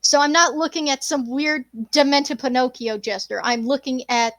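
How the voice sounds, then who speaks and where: A woman's voice: high voice, steady tone, moderate pace, fairly bright tone. Woman voicing a wary masked man. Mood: puzzled.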